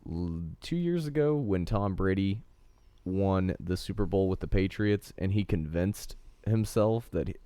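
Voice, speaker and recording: Deep, dark-voiced man arguing a point. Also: expressive, unhurried, clear, resonant tone, dry recording. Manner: argumentative, makes long points in full sentences. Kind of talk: casual podcast chat about fighting.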